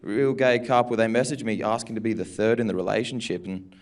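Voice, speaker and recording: A man's voice: fairly low pitch, fairly quick. A young man doing a stand-up set in a comedy club, laid-back and mumbly, swearing often.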